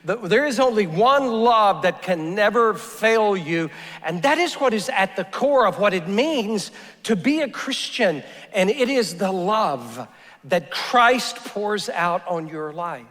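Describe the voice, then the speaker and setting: A male pastor delivers a sermon in a high, unhurried voice. He speaks earnestly and circles back over his own phrases to press a point home. The sound carries the long reverb of a church sanctuary. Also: animated, a bit bright. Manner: earnest, repeats phrases while building a point.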